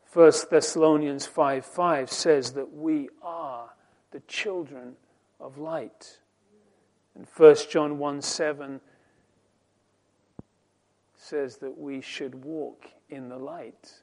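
A man preaching a sermon, quoting scripture slowly and deliberately, swinging between soft, dropped phrases and loud, emphatic rising lines. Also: fairly high pitch, steady tone. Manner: slow, deliberate delivery with scripture quotes.

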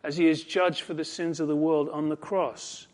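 Male preacher, high-pitched voice, earnest, builds emphasis through an expository sermon. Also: little pitch movement, darkish tone. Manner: earnest, emphatic, slows on scripture quotes.

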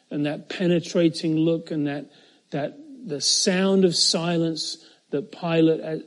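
A middle-aged man preaching an expository sermon, earnest and emphatic, raising his pitch and volume when he quotes scripture and lingering on pauses.

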